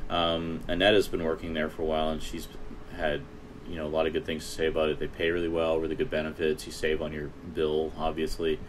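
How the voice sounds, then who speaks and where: Low-voiced man, casual. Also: completely flat delivery, fast talker, a little hiss or hum. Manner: rambling, laughs often, many fillers. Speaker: streamer host. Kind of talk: casual chat on a livestream.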